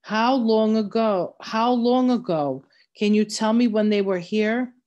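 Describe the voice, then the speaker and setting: A woman's voice: mid-range voice, steady tone, measured pace, dark tone, highs cut off, close to an everyday voice. A woman reading the part of a wary young frontier boy who presses his questions urgently. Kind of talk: reading a novel aloud.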